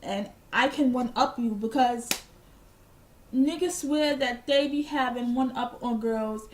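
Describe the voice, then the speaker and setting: A woman's voice: fairly high pitch, a little slow, a little mellow, a little hiss or hum. A young woman vlogger telling a casual storytime, blunt and profane, proudly petty and unbothered. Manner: boastfully petty.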